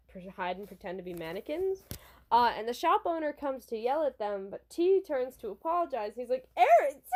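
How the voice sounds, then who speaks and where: A woman's voice: fairly high pitch, a little mellow. A young woman casually reviewing a manga from her college dorm room, chatty and rambling. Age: young adult. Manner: chatty and rambling, with restarts and fillers.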